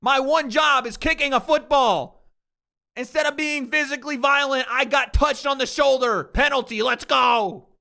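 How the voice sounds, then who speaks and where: A man voicing a cocky young football punter who gloats in shrill, mocking shouts. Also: fairly even intonation, moderate pace, creaky, exaggerated voice. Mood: gloating, mocking.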